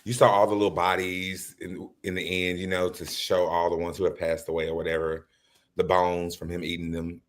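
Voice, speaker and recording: A man's voice: sits low, level tone, a little fast. A man on a casual TV review podcast who talks in a playful, joking, emphatic way. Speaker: podcast guest.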